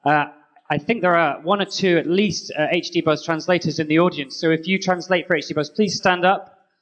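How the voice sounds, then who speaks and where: A man co-hosting a live conference roundup, joking in a deadpan way. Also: on the high side, a little fast, rough recording. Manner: playful, deadpan jokes. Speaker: co-host.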